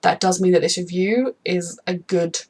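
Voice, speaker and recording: A woman's voice: fairly low pitch, steady tone, moderate pace, a little mellow. A young adult woman vlogging a reaction to a TV episode, rambling in an emphatic, gushing, casual way about characters she loves. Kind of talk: casual unscripted commentary.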